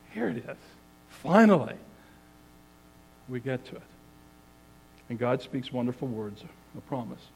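A man delivers a sermon in an earnest, measured way, teaching at an even pace. His voice sits at an ordinary middle pitch. He leans into the scripture passages with emphasis. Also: slight background noise, low-quality recording. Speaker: preacher.

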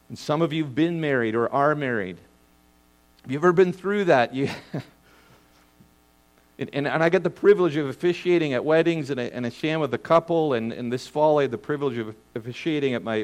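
A middle-aged man preaching a sermon as a pastor, earnest, often repeating words as he starts a phrase and slowing down to stress key points. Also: medium pitch.

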